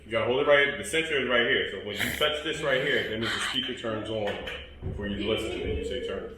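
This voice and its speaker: A man's voice: lowish voice, fast talker, noisy background. A man teaching a class, demonstrating a tool and playfully coaxing students, repeating his instructions with a teasing touch. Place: school workshop classroom full of students. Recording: echoey room, far from the mic, students chattering.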